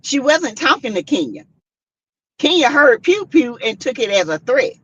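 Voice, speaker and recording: A woman hosting a casual commentary stream, reading out chat comments and making her points with animated, repetitive emphasis. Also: high-pitched, moderate pace, husky, dry recording. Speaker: host. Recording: dull lo-fi sound.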